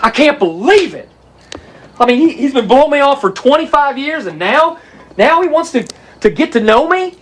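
Touchy grown son, agitated, pitch jumping high; movie scene. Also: male voice, very animated, normal speed, a bit bright, slight background noise, exaggerated voice. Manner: agitated exclaiming. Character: frustrated ex-racer son, high-strung and touchy.

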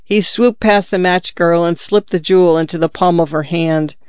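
A man narrating a fairy tale in a calm, measured reading. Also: on the high side, smooth, dry recording. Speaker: storyteller. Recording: dull lo-fi, dry.

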